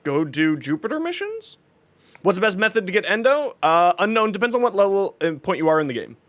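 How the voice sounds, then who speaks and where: A man's voice: high-pitched, big pitch swings, a little fast. A man hosting a casual game livestream, greeting viewers by name and joking as he plays. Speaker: livestream gamer.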